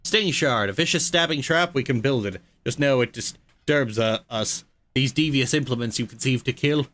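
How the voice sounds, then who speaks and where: A man voicing a proud, solemn insect smith from a video game, reading its lines slowly in a grand put-on accent. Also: medium pitch, fairly bright tone, natural voice. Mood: haughty. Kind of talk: reading game dialogue aloud.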